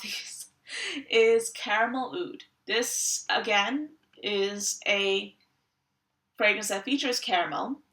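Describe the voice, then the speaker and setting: A woman talks through her perfume collection in a casual review, eager and full of description. Her voice is bright with a gravelly edge. She sits a little back from the mic in a roomy, echoey space. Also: mid-range voice, far from the mic. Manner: enthusiastic, descriptive. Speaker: fragrance reviewer.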